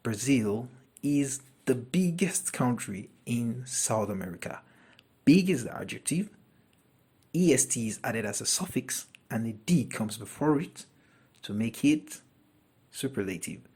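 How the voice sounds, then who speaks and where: Slow husky teacher. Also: male voice, mid-range voice, lively intonation, darkish tone. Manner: deliberate, repeats each example sentence twice. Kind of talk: classroom grammar lesson.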